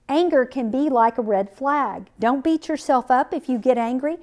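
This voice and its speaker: A woman's voice: a little high, a little mellow. A woman giving a personal, conversational devotional teaching as a podcast Bible teacher, with many fillers and restarts.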